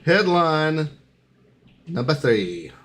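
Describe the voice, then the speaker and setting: A man's voice: on the high side, sing-song, very slow, a bit bright. Playful man hosting a headline game. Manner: playful, announcer-like, stumbles over headlines. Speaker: game host on a live talk show. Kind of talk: casual live show chat.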